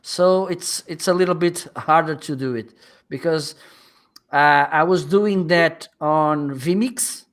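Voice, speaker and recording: A man on a live stream video call explaining in a halting way, often pausing to search for words. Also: fairly high pitch, fairly bright tone. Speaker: panelist. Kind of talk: casual discussion.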